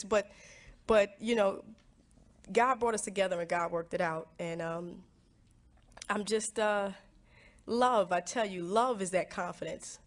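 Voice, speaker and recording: Woman talking slow and thoughtful, stumbles and repeats herself, mid-pitched. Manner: halting, repeats words, lively when quoting herself. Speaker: interviewee in a played clip. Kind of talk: reflective personal talk.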